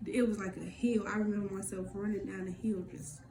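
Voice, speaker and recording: A woman telling a personal story in casual talk, candid and swearing freely, acting out what others said in quick lively bursts. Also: medium pitch. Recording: echoey room with faint background noise.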